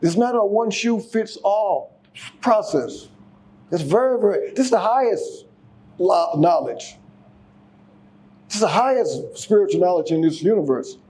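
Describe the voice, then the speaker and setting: A man's voice: high-pitched, animated, measured pace, pauses often, dark tone. A man giving a casual sermon, exhorting the congregation, often repeating and restarting his words. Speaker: speaker giving a class.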